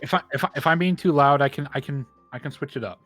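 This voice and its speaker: An excitable streamer chatting casually on a game stream, often pleading and groaning loudly. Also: medium pitch, fast talker, dry recording, faint music behind. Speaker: streaming guest.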